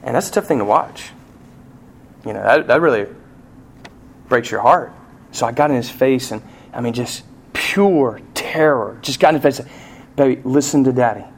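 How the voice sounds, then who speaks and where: A man preaching a sermon, telling a family story, going from hushed passages up to loud, pleading cries. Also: medium pitch, animated, normal speed, vocal fry, long pauses, slightly rough. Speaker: pastor.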